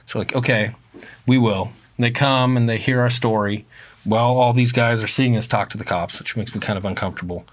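A man's voice: on the low side, a little fast. A man telling a long story in casual chat, loose and profane, and livelier when he acts out other people's lines. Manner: casual, swearing, animated when quoting others.

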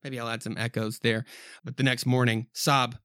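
A man reads a horror comic aloud as a podcast host, drifting between narration and loose, rambling commentary. His pitch is ordinary, and the sound is dry and close. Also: little pitch movement, fairly quick, a bit bright, clean tone, no room sound. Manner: rambling, laughs at himself. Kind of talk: casual comic reading and commentary.

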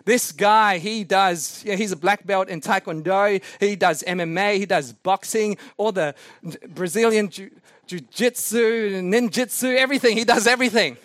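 A male preacher telling a sermon anecdote in an animated, self-mocking way. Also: high-pitched, moderate pace, no echo, studio quality. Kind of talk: sermon storytelling.

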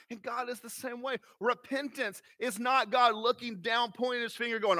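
A man in his thirties, a pastor, preaching a sermon in a folksy, animated way. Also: extremely high pitch, brisk, few pauses. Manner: animated, folksy, acts out voices.

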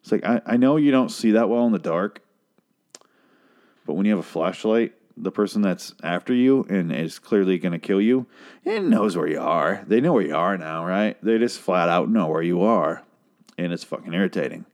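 A man with a somewhat low voice talks through a TV episode in loose, rambling recap mode. He stops and restarts his sentences and swears freely. He pops into exaggerated high-pitched impressions of the characters. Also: normal speed, a little mellow. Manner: rambling, profane, restarts a lot; mimics characters in a raised voice.

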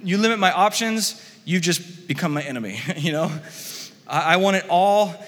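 A male pastor delivers a sermon in a chatty, lively manner, voicing the quoted speakers and chuckling along the way. His voice sits a bit high and sounds bright and forward. A long reverb tail lingers, as in a large hall. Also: normal speed. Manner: conversational, animated, laughs often, acts out quotes.

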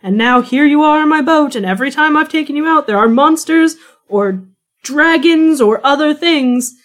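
A woman plays a worn-out ship captain in a tabletop game, grumbling wearily about his passengers and the damage to his boat. The voice sits a little high. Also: normal speed, lightly acted. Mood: weary. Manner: tired, exasperated complaining. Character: weary middle-aged male ship captain.

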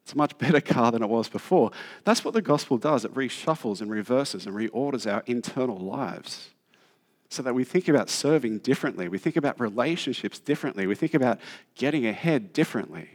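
A man preaching a conversational sermon, reading scripture and joking about himself, slowing down to stress key lines. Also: medium pitch, lively intonation. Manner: conversational and self-deprecating, slows for emphasis.

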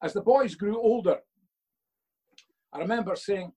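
A man's voice: high-pitched, lively intonation, a little slow, pauses often, dark tone, slightly rough, poor audio. An older man, a father being interviewed by his son for a church video, telling earnest stories and quoting himself with emphasis.

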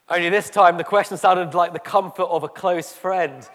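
Guy preaching in a church hall, kinda high voice, slow dramatic pauses, echo all around. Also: a bit bright. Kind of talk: sermon. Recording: echoey hall.

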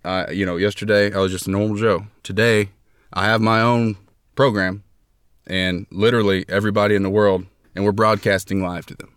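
Deep-voiced man hosting a rambling podcast. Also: level tone, a little fast, fairly bright tone, clean tone, no echo, studio quality. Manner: mock-grandiose, rambling with fillers. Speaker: podcast host. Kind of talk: comedic podcast chat. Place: closet.

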